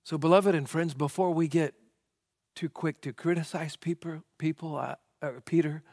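A pastor preaching a sermon, asking rhetorical questions and swinging from loud emphasis to hushed tones. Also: male voice, on the high side, fairly even intonation, moderate pace, no room sound, clean studio sound.

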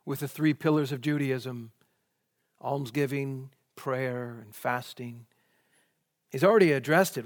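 A man's voice: medium pitch, measured pace, pauses often, in a large hall. A man preaching a sermon, posing question after question before answering them emphatically.

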